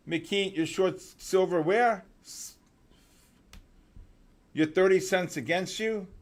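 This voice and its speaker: Excitable male trading-room host. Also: high-pitched. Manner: excitable, fast-talking, bursts of loud exclamations. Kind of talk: live trading room commentary.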